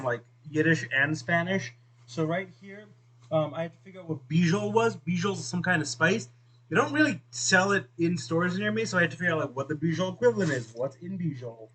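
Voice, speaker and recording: Eyes streaming from chopping onions, this man rambles through a relaxed, filler-packed, self-deprecating chat with an off-camera friend as he cooks at home for his video. His voice sits high, and the poor audio has slight background noise.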